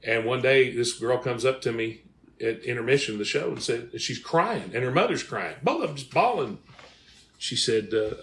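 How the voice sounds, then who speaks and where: A man's voice: medium pitch, animated, a little fast, a bit bright. A male podcast host, telling stories in a folksy, drawling way and reading sponsor ads. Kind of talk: casual chat with ad reads.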